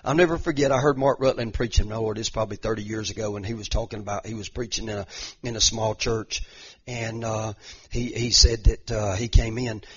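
A man's voice: on the low side, fairly even intonation, a little fast, slightly rough. A middle-aged male pastor preaching a sermon, conversational with restarts and repeated words, building to impassioned, emphatic repetition. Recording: dull lo-fi recording.

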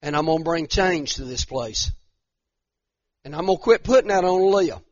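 A man's voice: a little high, normal speed, no room sound. Fervent middle-aged male pastor, dull lo-fi. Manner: fervent, repeats himself, builds to emphatic rises. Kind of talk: impassioned conversational preaching. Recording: dull lo-fi dry sound.

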